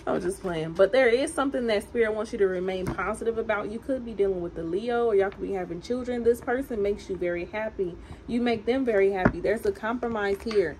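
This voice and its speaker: A woman's voice: medium pitch, brisk, hardly any pauses. A woman with a Southern country accent doing a chatty, emphatic tarot reading for viewers. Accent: American Southern country. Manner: animated, emphatic, chatty and teasing. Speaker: tarot reader. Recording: noisy home recording.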